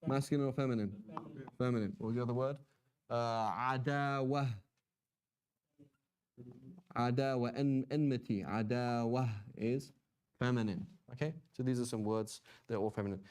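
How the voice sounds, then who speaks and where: A man at a middle pitch teaches a relaxed, chatty class. He keeps checking in with his listeners and slips in easygoing jokes as he explains. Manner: chatty, checks in with "right?" and "okay?"; joking asides. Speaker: Quranic Arabic teacher. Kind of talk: informal class lecture.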